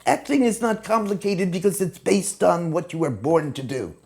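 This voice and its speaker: A woman, an acting teacher, explaining technique in a lively way and acting out short examples. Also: lowish voice, moderate pace, gravelly. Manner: animated, acts out examples in quoted voices. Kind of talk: teaching talk to camera.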